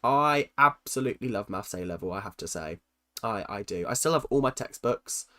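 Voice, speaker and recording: A man's voice: lowish voice, lively intonation, moderate pace, bright, forceful tone. A young man hosting a livestream, reading out chat comments and answering with teasing, self-mocking jokes and lots of ums. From London. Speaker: livestream host.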